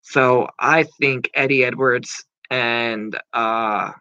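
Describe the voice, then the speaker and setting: A man's voice: medium pitch, fairly even intonation, drawn-out words, bright, forceful tone, clean tone, no echo. A man in his thirties giving casual, rambling wrestling predictions, with frequent fillers and casual swearing. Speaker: wrestling commentator. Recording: muffled lo-fi dry recording.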